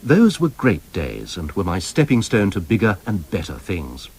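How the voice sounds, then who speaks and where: A man reading quotations aloud in an expressive, formal manner. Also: deep voice, normal speed, slightly rough. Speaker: reader of quotations.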